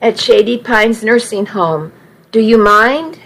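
A weepy, pleading young bride left at the altar, as a woman reads her, slightly raised in pitch and slow. The voice stays close to the narrator's own. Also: creaky, fairly bright tone, heavily acted, rough recording. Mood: tearful. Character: tearful jilted young bride.

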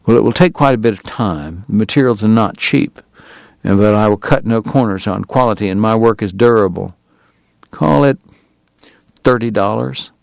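A man voicing a formal, long-winded gentleman dentist and gambler with a Southern drawl, verbose and precise. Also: on the low side, moderate pace, gravelly, no echo. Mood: measured. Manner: verbose, precise and courtly, prickly about his honor.

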